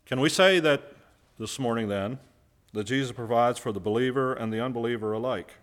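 A man's voice: medium pitch, brisk, a bit bright. A man preaching a sermon, who puts questions to his listeners and answers them himself, and stresses key words by repeating them.

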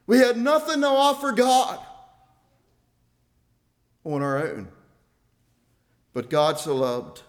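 A man preaching a sermon in an earnest, deliberate way, repeating key phrases for weight. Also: sits high, big pitch swings.

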